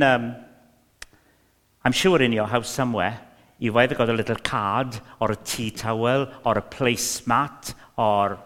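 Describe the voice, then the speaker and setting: A man's voice: fairly low pitch, fairly bright tone, in a large hall. A man with a Welsh accent preaching a sermon, emphatic and repetitive with many fillers.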